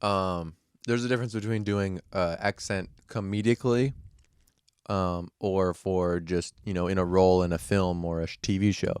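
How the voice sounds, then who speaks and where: Deep-voiced American man hosting a podcast. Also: fairly even intonation, normal speed, darkish tone, clear, resonant tone, no echo, clean studio sound. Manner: hesitant, frequent ums, rephrases questions. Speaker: podcast co-host. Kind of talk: casual podcast chat.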